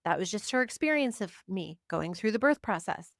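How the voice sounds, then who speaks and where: A woman who works as a psychic reader and spiritual teacher talks to camera about personal matters in a mid-range voice with lively intonation and vocal fry, at normal speed. The studio sound is clean, with no room sound. Chatty and full of "like," she piles up short emphatic affirmations and side remarks.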